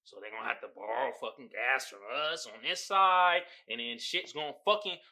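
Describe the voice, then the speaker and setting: A young man hosting a podcast, giving casual, profane, animated commentary straight to his listeners. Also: medium pitch, fairly quick. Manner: animated, loud, swearing, talking straight to listeners. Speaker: podcast host.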